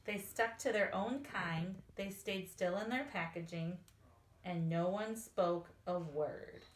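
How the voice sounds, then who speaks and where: A woman teacher reading a children's picture book aloud in an expressive storytelling manner. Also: on the low side, slow. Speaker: elementary school teacher. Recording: echoey room, faint hiss.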